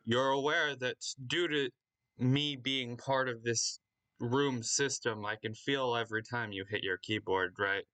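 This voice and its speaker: A man's voice: mid-range voice, unhurried, pushed and bright. A man voicing a dry, teasing male AI that lives in a toaster oven. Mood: wry.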